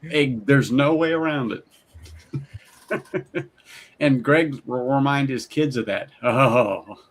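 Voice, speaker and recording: A man's voice: medium pitch, slow pace. Chatty middle-aged man telling stories. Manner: storytelling, animated quoted voices, laughs often. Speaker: host. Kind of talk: casual chat.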